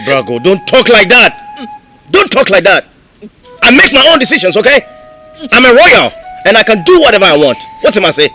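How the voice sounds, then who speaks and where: A man's voice: high-pitched, huge pitch swings, a little fast, pauses often, sharp tone, soft background music, exaggerated voice. An actor playing an earnest young royal who pleads with his fiancée and mixes Twi and English. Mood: insistent. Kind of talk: film drama acting.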